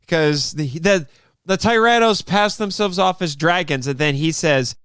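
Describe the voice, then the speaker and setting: A man guesting on a podcast, chatting casually, lively and laughing, acting out lines. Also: sits high, moderate pace, clean tone, dry recording, studio quality. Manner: lively, laughing, acts out quotes. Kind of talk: casual chat.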